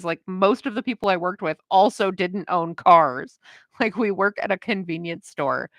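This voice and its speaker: Woman, comic artist, casual livestream chat, rambling, lots of fillers, lowish voice, dry close sound. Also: animated, normal speed, fairly bright tone, no room sound. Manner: rambling storytelling, heavy on filler words, laughs often. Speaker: comic artist streaming her work.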